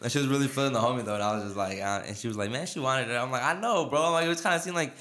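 A man's voice: medium pitch, racing, a bit bright. A man hosting a podcast, telling a rambling story in casual chat, laughing and full of fillers. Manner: rambling, laughing, lots of filler and quoted dialogue. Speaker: podcast host. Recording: echoey room.

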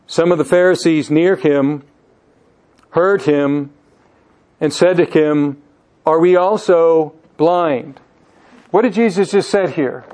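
A man's voice: fairly high pitch, measured pace, pauses often, darkish tone. A man preaching a sermon, reading scripture aloud with emphasis and putting questions to his listeners. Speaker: pastor.

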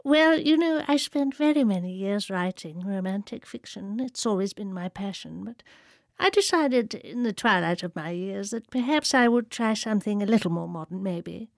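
A woman's voice: medium pitch, expressive, moderate pace, vocal fry, dry recording, clean studio sound. A woman playing an elderly, genteel romance novelist who talks in a prim, rambling, way. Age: older. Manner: prim, rambling, colonial-era posh. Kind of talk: comic interview sketch.

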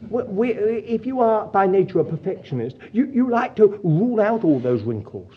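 A man's voice: high-pitched, sing-song, moderate pace, narrow, tinny audio, slight background noise. A man preaching a sermon in an earnest, pastoral way, calling his listeners dear children of God.

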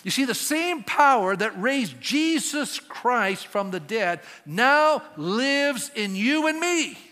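A man preaches in a lively, conversational way and keeps questioning his congregation. His voice is high and bright with wide swings in pitch. It sounds out in a church sanctuary with a long hall reverb. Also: slow. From Canada. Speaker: pastor. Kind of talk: sermon.

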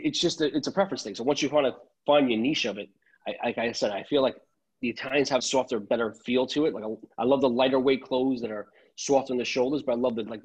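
A man's voice: mid-range voice, slightly rough, low-quality recording. A man, a tailor chatting casually on a podcast, rambling and restarting his sentences.

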